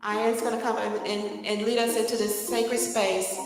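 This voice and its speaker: A woman emceeing a live community event in a church hall, chatty and lively, laughing between remarks. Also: fairly high pitch, normal speed, hardly any pauses, a little hiss or hum. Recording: echoey hall with long reverb.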